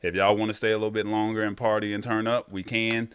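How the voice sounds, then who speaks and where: A man introducing a show episode in a relaxed, chatty way. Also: lowish voice, fast, slight background noise. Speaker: co-host.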